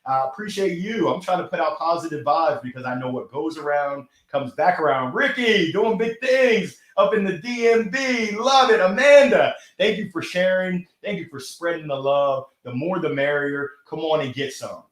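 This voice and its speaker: A man hosting a live motivational stream, reading out viewer comments with energetic enthusiasm and frequent laughter, speaking into a microphone. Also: a little high, moderate pace, few pauses, echoey room. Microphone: gold microphone.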